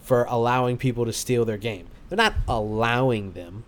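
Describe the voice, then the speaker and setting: Podcast host, young man, average pitch, rambling casual delivery. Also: moderate pace. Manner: rambling, hesitant restarts, laughs often.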